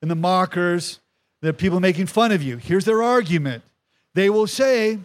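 A middle-aged male pastor delivers a sermon in a noticeably high voice. He drives his points home with repetition and keeps calling on the congregation to answer him. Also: animated, moderate pace. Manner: emphatic preaching with repetition and calls to the congregation. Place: church service in a tent.

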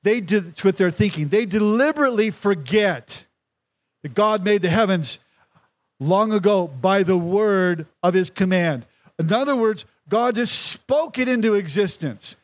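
A man's voice: high voice, expressive, a little slow. A male pastor preaching a sermon to his congregation, emphatic and repetitive, calling out to the crowd for responses. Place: church service in a tent.

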